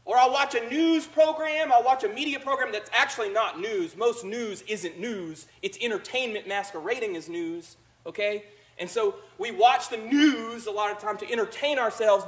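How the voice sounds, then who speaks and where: Recorded roughly in a church sanctuary, a pastor delivers a conversational sermon and acts out the voices of the people he describes. His voice is very high, a bit bright, and moves at a normal speed.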